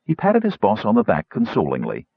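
A male audiobook narrator with a low, husky voice who reads with a very lively, expressive rise and fall. The recording is close and dry with no room sound, and the sound is a little dull. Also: a little fast, no echo. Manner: expressive, voices each character.

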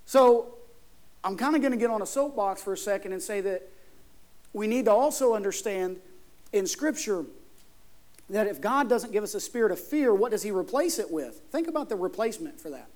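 A man's voice: high-pitched, expressive, normal speed, darkish tone. A man preaching a sermon as pastor, asking the congregation questions and building to emphatic points.

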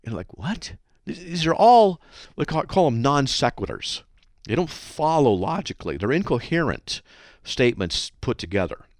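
A man's voice: mid-range voice, very animated, moderate pace, no echo, studio quality. A man hosting a Christian call-in radio show, telling a story in an earnest, exhorting way.

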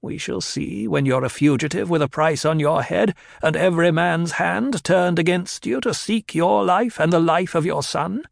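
A man's voice: on the high side, moderate pace, creaky, few pauses, no room sound, studio quality, voice pushed up. A man voicing a stern, snappish old woman who sneers and lectures with cruel mimicry, in an audiobook reading. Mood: lecturing.

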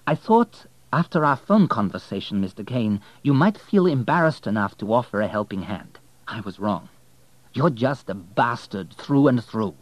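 A man's voice: lowish voice, big pitch swings, normal speed. A man reading an audiobook, voicing a proud, angry male hotelier with a heated, raised delivery. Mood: threatening.

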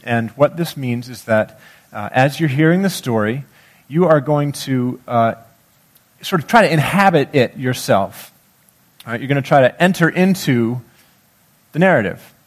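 Male pastor, measured sermon voice. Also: mid-range voice, animated. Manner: conversational, guiding listeners through imaginative reading; slow, measured scripture reading. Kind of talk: sermon with scripture reading.

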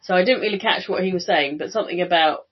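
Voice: mid-range voice, quick pace, husky. A co-host on a casual film podcast who recaps the plot and asks easygoing questions. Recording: dull home recording.

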